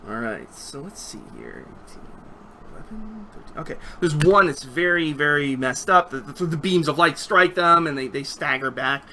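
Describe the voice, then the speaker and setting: A man's voice: a little high, sing-song, moderate pace, bright, forceful tone, slight background noise. A man running a tabletop game as game master, narrating the action and thinking aloud over dice with easy chuckles.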